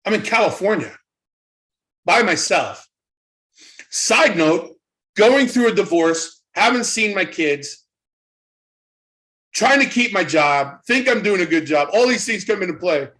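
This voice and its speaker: A middle-aged man, a guest in an interview, telling a story in a casual, animated way, often repeating his words as he goes. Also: high voice, a little slow, long pauses. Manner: animated retelling, acts out quoted voices, repeats words. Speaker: interview guest, former wrestling trainer.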